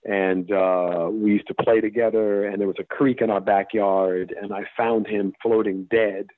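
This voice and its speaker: A man's voice: on the low side, level tone, moderate pace, no room sound. Emphatic man on a tinny phone line. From US Deep South. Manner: emphatic, profane, laughs while making points. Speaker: actor guest. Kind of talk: candid interview conversation.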